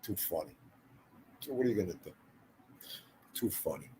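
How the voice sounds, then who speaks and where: A man's voice: sits low, animated, moderate pace, warm tone, a little hiss or hum. An older man hosting a casual livestream, rambling through stories and talking to viewers in the chat by name. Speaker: livestream host.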